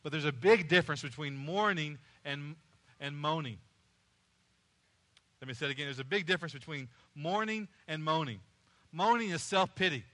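A man's voice: a little high, normal speed, long pauses, bright, forceful tone. A male pastor preaching a sermon, repeating key phrases and rising in passion as he goes.

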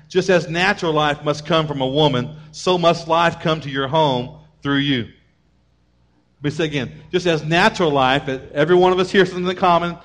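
A male pastor delivers a lively sermon in a voice that sits a little high for a man. He talks to the congregation in a casual, conversational way and slips into short acted-out bits of dialogue. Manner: energetic preaching, acts out family members in raised voices.

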